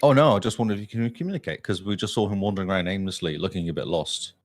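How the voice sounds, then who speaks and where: A man's voice: deep voice, racing, dry recording, clean studio sound. A man playing a tabletop role-playing game, asking questions in a casual, playful way. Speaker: player. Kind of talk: tabletop role-play as a player.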